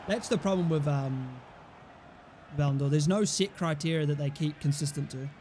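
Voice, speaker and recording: A young man with a fairly high voice talks through a football video game. He is blunt and mocking and swears freely. A faint background hiss sits under his voice. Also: normal speed, a little mellow. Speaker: gaming streamer. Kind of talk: casual football game commentary.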